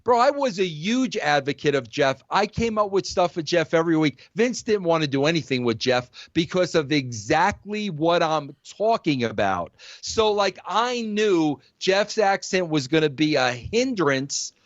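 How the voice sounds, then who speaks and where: A middle-aged podcast host with a voice on the high side argues his point emphatically in a heated but casual debate, calling the other man "bro" again and again. His delivery is sing-song and unhurried, with few pauses, and the recording is dry with the highs cut off.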